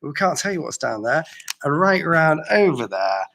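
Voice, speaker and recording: A man co-hosts a live paranormal stream from a castle room, joking and bantering in easy chat. His voice has a gravelly rasp and a bright, forward tone. His pitch swings widely as he teases. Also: sing-song, moderate pace, slight background noise. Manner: playful, jokey banter. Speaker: co-host of a live paranormal show. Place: indoors in a castle room by a fire.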